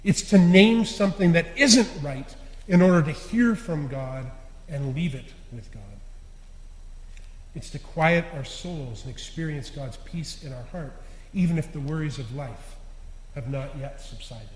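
A fairly high-voiced man preaches in an earnest, confessional way, leaning hard on key words and letting sentence ends fall quiet. His voice rings through a church hall with a long, echoing reverb. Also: unhurried, a little hiss or hum. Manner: earnest, confessional, swinging between loud stresses and quiet endings. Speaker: lay preacher. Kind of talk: sermon.

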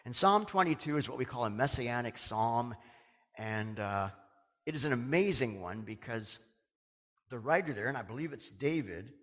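A man preaching in a church hall, his voice ringing with a long reverb. He delivers the sermon with wide, lively swings in pitch, rising to urgent peaks and sinking to a hush on quoted words. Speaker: pastor.

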